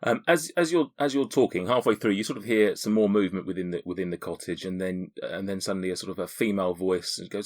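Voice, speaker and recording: A man's voice: low-pitched, fast talker, few pauses. A man narrating as game master, casual and stammering.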